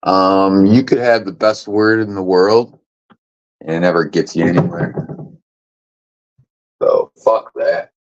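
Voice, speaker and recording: With long pauses and a slow, deep delivery, this livestream host rambles, curses, and ribs his chat in a lazy sing-song way. Everything comes through as dull lo-fi stream audio.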